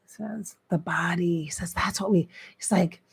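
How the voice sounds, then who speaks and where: Breathy woman channeling spirits on a livestream. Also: fairly low pitch, fairly even intonation, normal speed. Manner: soft, drifting often into hushed whispers. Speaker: psychic medium. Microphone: close desk mic.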